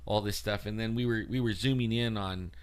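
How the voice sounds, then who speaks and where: A man's voice: on the low side, steady tone, brisk, smooth. A man co-hosting a paranormal talk show, telling a rambling story in a casual way, full of "like" and "you know.". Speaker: co-host and field investigator. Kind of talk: casual chat.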